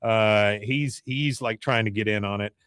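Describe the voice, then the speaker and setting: A man's voice: fairly low pitch, unhurried, fairly bright tone, dry recording, clean studio sound. A man hosting a podcast, casually recapping an episode in a chatty, storytelling way. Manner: chatty storytelling with frequent fillers. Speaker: podcast host.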